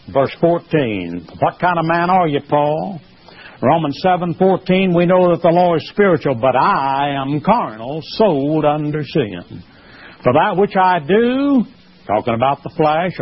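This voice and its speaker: A man's voice: fairly high pitch, husky. A man preaching a sermon, emphatic and rising in force as he presses his points. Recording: muffled lo-fi sermon recording.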